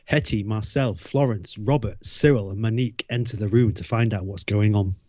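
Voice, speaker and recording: A man's voice: fairly low pitch, normal speed, darkish tone, no echo. A man reading a script on a video call, teasing his friends between lines, heard over dull audio.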